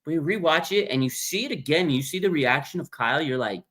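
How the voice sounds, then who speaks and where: A man's voice: on the high side, animated, fast talker, few pauses, a bit bright. A man hosting a casual fan livestream, talking bluntly and with animation, reading viewer comments aloud and reacting to them. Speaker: livestream host.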